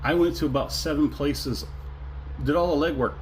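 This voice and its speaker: A middle-aged man reviews a whiskey in a relaxed, casual way, his voice sitting at an ordinary pitch. He talks with effusive delight, savoring each sip and humming and chuckling along. Faint room ambience lies behind him. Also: fairly quick, slight background noise, rough recording.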